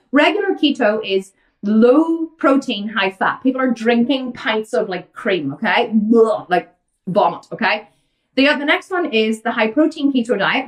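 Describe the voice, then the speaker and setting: A woman's voice: fairly high pitch, distant mic. An Irish woman hosting a fitness Q&A, blunt and outspoken as she answers viewer questions. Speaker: fitness coach and host.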